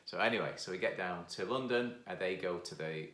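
A man telling a funny personal anecdote in an animated way, laughing often and acting out what people said. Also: low voice, a little fast. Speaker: founder of a piano course. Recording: roomy echo.

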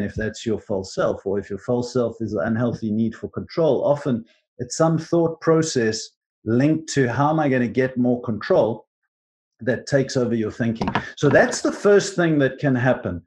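A man teaching on contemplative prayer in a gentle, earnest way, with frequent restarts. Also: mid-range voice. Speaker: Christian teacher.

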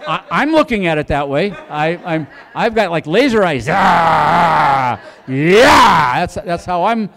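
Middle-aged guy doing standup, stumbles and restarts a lot, kinda high voice, comedy club. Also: expressive, moderate pace, hardly any pauses, a bit bright. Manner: rambling, stammering delivery with many restarts. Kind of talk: stand-up storytelling.

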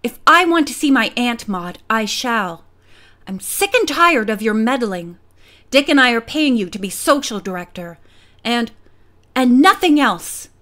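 Woman voicing an outraged young bride-to-be for an audiobook; high, emphatic delivery. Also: lively intonation, measured pace, a bit bright. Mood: indignant. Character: hot-tempered young bride-to-be.

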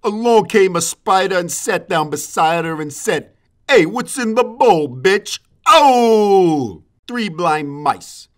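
A man's voice: high-pitched, animated, measured pace. A man voicing a greedy, crude male cartoon hedgehog star in a brash, foul-mouthed comedic way. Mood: roasting.

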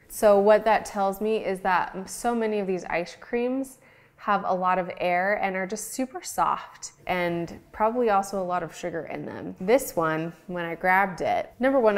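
A young adult woman who makes ice cream, chatting casually through a review and talking with her mouth full. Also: medium pitch. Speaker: ice cream maker reviewing store-bought ice cream. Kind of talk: casual product review vlog.

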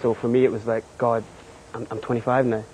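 A Scottish man from Scotland, a guest author in a studio TV interview, talking haltingly with many fillers and short laughs. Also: mid-range voice, flat delivery, darkish tone, a little hiss or hum, rough recording.

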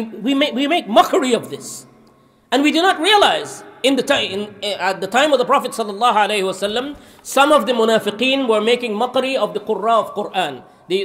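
A man's voice: high-pitched, a bit bright. A man giving an earnest, explanatory religious lecture, quoting Arabic scripture as he teaches. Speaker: Islamic lecturer.

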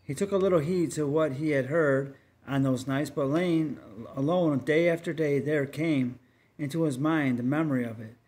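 A man reading a religious tract story aloud in a measured, earnest manner, with occasional stumbles. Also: a little high, a little mellow. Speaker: story reader.

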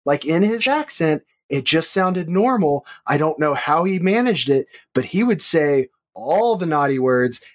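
A man co-hosting a movie podcast, telling stories in an animated, casual way. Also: a little high, measured pace, hardly any pauses. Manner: animated storyteller. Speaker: podcast co-host.

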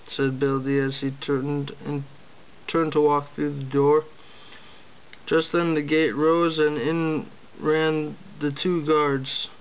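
A man's voice: a little high, little pitch movement, slow, clear, resonant tone, lo-fi sound. A man reading his own fantasy adventure story aloud, voicing the characters with only small changes and a few slips. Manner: reads every character in a near-plain voice, with small slips.

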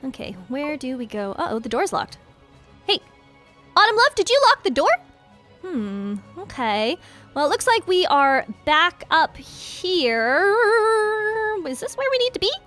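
A woman commentates her game with a high, very lively voice that leaps up and down constantly. She is bubbly and excitable, playing to viewers as the host of the channel. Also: unhurried, faint music behind. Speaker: gaming video host.

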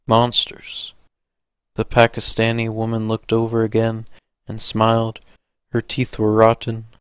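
A man narrating an audiobook in a measured, steady way. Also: on the low side, smooth, no room sound.

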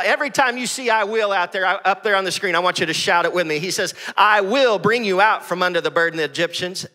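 A man's voice: high voice, in a large hall. A man preaching a sermon as pastor, reading scripture and calling on the congregation. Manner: energetic preaching, reads scripture aloud. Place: church sanctuary with congregation.

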